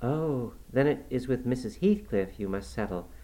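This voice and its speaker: A man voicing a brisk, motherly middle-aged housekeeper who fusses over her guest. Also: medium pitch, expressive, mellow, close to an everyday voice, rough recording. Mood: bustling. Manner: brisk, fussing, hospitable. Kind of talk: audiobook character voice.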